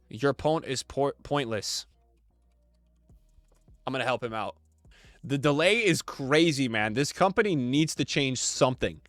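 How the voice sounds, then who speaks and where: A young man giving casual, animated reaction commentary, reading chat messages aloud and laughing often as he reacts. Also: on the high side, dry recording, clean studio sound. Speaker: gaming content creator.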